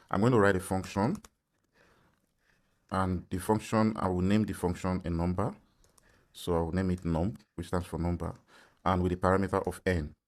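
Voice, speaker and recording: A man's voice: sits low, darkish tone. A man teaching a programming lesson, explaining step by step and often checking in with "right?". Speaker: programming instructor. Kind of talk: tutorial lecture.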